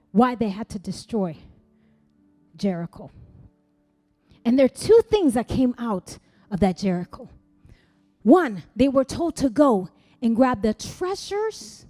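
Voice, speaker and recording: A woman pastor preaching a sermon, building to loud shouts with dramatic pauses. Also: fairly high pitch. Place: church hall.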